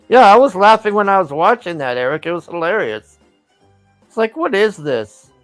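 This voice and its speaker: Chill guy hosting casual chat, stumbles over words, pitch bouncing all over. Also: very animated, moderate pace, no room sound, soft background music. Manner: laid-back, hesitant, stammering restarts.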